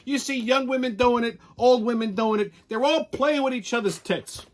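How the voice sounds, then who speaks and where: A man hosting a weekly wrap-up show, ranting in crude, profane, mocking commentary that swings between loud outbursts and low grumbling. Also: normal speed. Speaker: show host.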